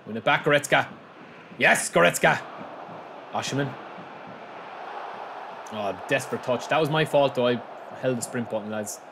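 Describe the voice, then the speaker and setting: A man hosting a gaming channel, giving excitable live commentary on his own match, shouting at the play and calling viewers lads. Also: mid-range voice, moderate pace, long pauses, slight background noise.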